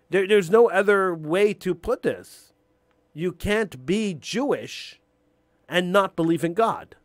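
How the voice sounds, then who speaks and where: A man's voice: on the high side, no room sound. A man hosting a call-in show, delivering an opinionated monologue with emphatic restarts and repeated words.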